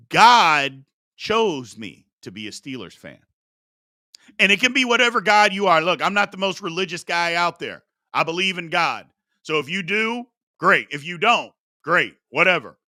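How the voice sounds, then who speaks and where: A man with a high, very bright and forceful voice, hosting a live sports talk stream. He argues his opinions with animated energy and hammers each point by saying it again. The sound is close and dry. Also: no echo. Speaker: sports talk show host.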